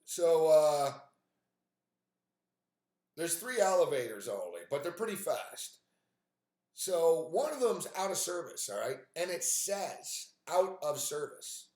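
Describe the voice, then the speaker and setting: A man's voice: a little high, big pitch swings, takes it slowly, long pauses, darkish tone, reverberant. A man hosting a live stream, telling an exasperated, profane story with lots of fillers. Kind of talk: profane ranting monologue.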